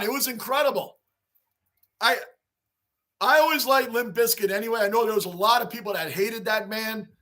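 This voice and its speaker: A man hosting a casual livestream, reacting to a basketball game and chatting with viewers, getting excited and shouting at big plays. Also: high voice. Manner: excitable, shouts at big plays, reads chat names aloud. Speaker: livestream host. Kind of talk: casual live-chat sports reaction.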